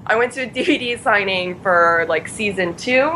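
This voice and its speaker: A woman's voice: mid-range voice, moderate pace, pushed and bright, slight background noise, poor audio. A young woman in casual chat, bubbly, giggly and emphatic as she tells a fan story.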